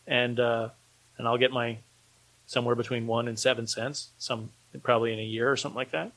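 A man's voice: medium pitch, flat delivery, fairly quick, a bit bright, poor audio. A man speaking as an independent filmmaker guest in a casual podcast conversation, rambling with many fillers and a dry, sarcastic humor.

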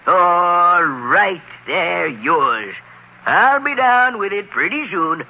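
A man's voice: high-pitched, big pitch swings, bright, forceful tone, exaggerated voice. A man playing a jolly, kindly Santa Claus in a 1950s children's radio drama, hearty and chuckling. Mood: cheerful. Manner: hearty, chuckling, brisk on the phone. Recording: muffled old radio broadcast.

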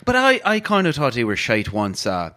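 A man's voice: medium pitch, wildly swooping pitch, moderate pace, pushed and bright. An actor playing a crude, boastful Irish man with an Irish accent who rambles and exaggerates. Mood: chatty. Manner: rambling, swears casually, exaggerates. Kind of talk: improvised comedy character.

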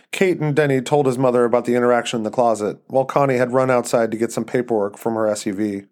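A man who hosts a podcast, narrating a scripted horror story in a measured, even way. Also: mid-range voice.

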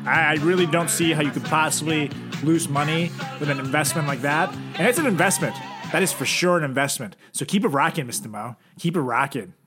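A young man hosting a casual comedy chat, telling crude absurd jokes in a deadpan way and laughing at his own bits. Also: on the high side, a little fast. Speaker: podcast host. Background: music.

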